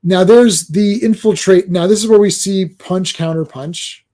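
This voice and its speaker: A man hosting a casual chat about a cartoon series, talking in a halting way with many restarts and ums. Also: high voice, mellow. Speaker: podcast host.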